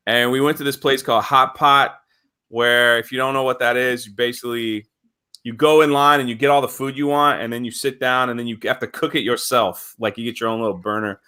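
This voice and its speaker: American man, bright, forward tone, rambling anecdotes on a stream. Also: medium pitch, steady tone, brisk, clear, resonant tone. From United States. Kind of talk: casual storytelling.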